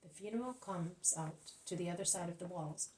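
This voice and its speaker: A woman narrating a religious text in an earnest, steady reading voice. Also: on the low side, normal speed, recorded from a distance, a little hiss or hum, rough recording.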